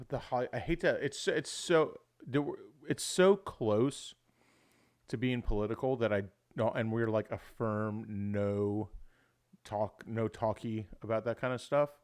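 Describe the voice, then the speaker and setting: A man's voice: fairly low pitch, measured pace, a little mellow. A young adult man hosting a livestream, talking casually and at length, swearing often and calling people "dude". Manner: rambling, swears often, says "dude" a lot. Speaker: livestream host.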